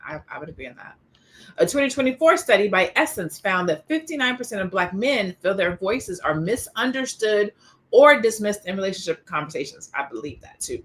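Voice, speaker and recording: A woman hosting a casual discussion show, animated and opinionated, who reads out stats and tells stories about herself. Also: medium pitch, fairly quick. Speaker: podcast host.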